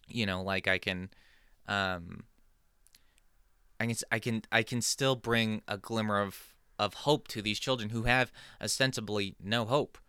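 A man's voice: fairly low pitch, normal speed, pushed and bright, clean tone, no echo, clean studio sound. A man hosting a podcast, telling a casual comedic monologue in a rambling, digressive, self-deprecating way. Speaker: podcast host.

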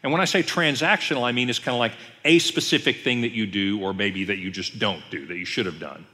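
A man, a pastor, giving an emphatic, conversational Bible teaching with pauses. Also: on the low side, sharp tone. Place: church sanctuary. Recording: long reverb of a church hall.

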